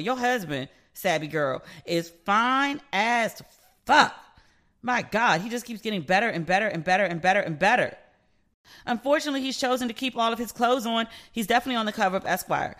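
Candid woman podcaster with a bright voice. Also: mid-range voice. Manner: candid and chatty, swears freely, acts out quoted exchanges. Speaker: podcast host and relationship expert. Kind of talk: solo gossip podcast chat.

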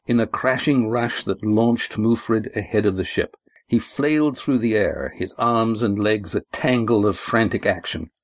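Male audiobook narrator, low and measured, dry recording. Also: dry recording. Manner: steady, measured storytelling. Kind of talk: scripted narration.

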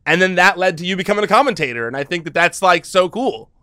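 A man's voice: high-pitched, expressive, fast talker, pushed and bright, clean tone, dry recording, clean studio sound. A man hosting a podcast, chatting in a friendly, enthusiastic way with casual slang. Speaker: podcast host. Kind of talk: casual interview chat.

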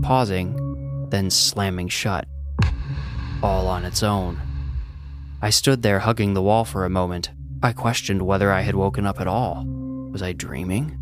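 A man narrating a first-person horror story in a measured, suspenseful way, with music underneath. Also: lowish voice.

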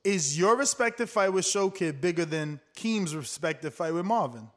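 An older man, a fighter, arguing heatedly, loud and combative, repeating himself and swearing. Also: sits high, lively intonation, normal speed. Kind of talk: heated argument.

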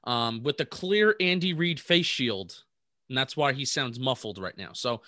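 Playful man with a bright, dry voice. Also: mid-range voice, animated, unhurried, dry recording. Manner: playful, a little rambling. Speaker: podcast co-host. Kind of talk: casual sports chat. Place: home video call.

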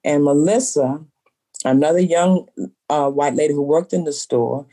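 A woman's voice: sits low, normal speed, dark tone. A woman who owns a bookstore, telling a story in an interview and acting out the voices of the people in it. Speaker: bookstore owner.

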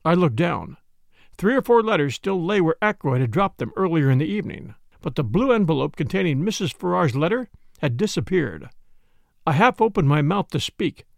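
A man narrates a classic mystery in a measured first-person read. His voice sits a touch high and moves expressively, with a gravelly texture, recorded close and dry. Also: dry recording. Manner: measured storytelling. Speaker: audiobook reader.

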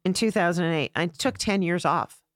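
A woman's voice: on the low side, fairly quick, no echo, studio quality. A middle-aged woman, a comedian and podcast guest, chatting earnestly and reflecting on her work. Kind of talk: casual chat.

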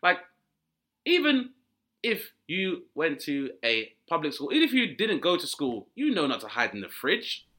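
A man doing animated comic storytelling, acting out characters with big pitch jumps and swearing. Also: normal speed. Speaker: comedian guest.

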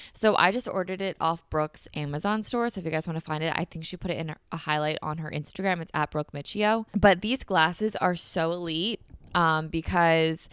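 A woman's voice: lowish voice, fairly bright tone, smooth, no room sound, clean studio sound. A young woman hosting a casual solo podcast, chatty and bubbly, saying "like" a lot and a little congested from allergies. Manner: bubbly, chatty, heavy use of "like". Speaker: podcast host.

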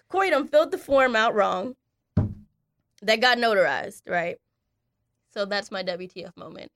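A woman co-hosting a podcast, telling a story in a casual, animated way, acting out the voices of the people in it and swearing freely. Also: on the high side, normal speed, long pauses, dry recording, studio quality. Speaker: podcast co-host.

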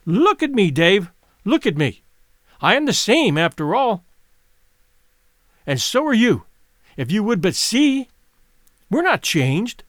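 A man's voice: high-pitched, very animated, slow, long pauses, a bit bright, no room sound, studio quality, full character voice. A man voicing a pleading, passionate wealthy widow in a dramatic audiobook reading. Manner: impassioned, pleading.

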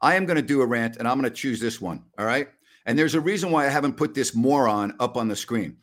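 A man's voice: medium pitch, animated, fast. A middle-aged man hosting a basketball post-game live stream, launching into a fiery, mocking rant at a troll. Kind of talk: live-stream sports talk with rants.

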